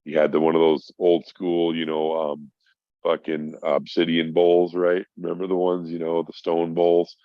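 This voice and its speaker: A middle-aged man with an extremely deep voice tells a heartfelt story as a podcast guest, cursing freely. The recording is dry and slightly dull, like lo-fi audio. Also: completely flat delivery, moderate pace, dry recording. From Minnesota. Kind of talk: casual chat.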